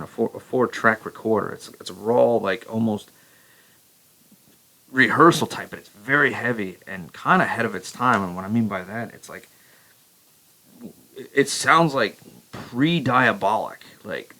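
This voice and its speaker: A man's voice: lowish voice, creaky, pushed and bright, poor audio. A man chatting casually about his records, profane and rambling, full of restarts and enthusiasm. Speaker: metal vlogger and vocalist. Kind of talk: casual record review chat.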